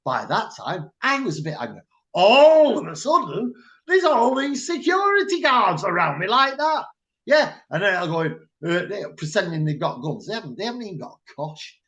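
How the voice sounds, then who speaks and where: A man with a Mancunian accent, co-hosting a chat show and telling a story loudly and bluntly. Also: sits high, normal speed. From Manchester, England. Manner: animated storytelling, loud and blunt. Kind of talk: casual chat.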